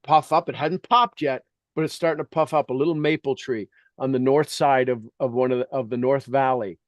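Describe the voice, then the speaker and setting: This is a middle-aged man leading a spoken meditation, and he wanders from one story to the next with eager, heartfelt enthusiasm. His voice sits at an ordinary middle pitch. The sound is dry and close, with no room echo. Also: steady tone, brisk. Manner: earnest, enthusiastic, rambling storytelling. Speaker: meditation host.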